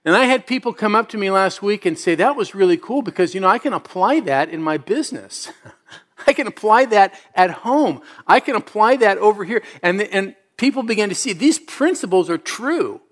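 A man's voice: high-pitched, animated, moderate pace. A middle-aged man preaching a sermon as a pastor, telling stories in a conversational way and building to emphatic exhortations.

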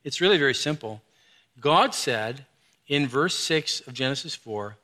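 A middle-aged male pastor with a bright, forceful voice that sits a little high for a man. He preaches with animation, dropping low and quiet, then rising loud and high. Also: lively intonation, slow, long pauses. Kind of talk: sermon.

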